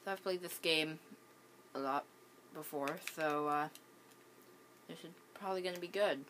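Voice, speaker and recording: A woman's voice: low voice, moderate pace, fairly bright tone, slight background noise. A woman with the hiccups giving casual gameplay commentary at home, hesitant, with many ums and restarts. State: has the hiccups. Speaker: gaming channel host.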